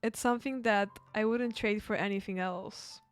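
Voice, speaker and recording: A woman's voice: medium pitch, fairly even intonation, normal speed, smooth, natural voice. A woman reading the earnest lines of the caring player character in a dating game.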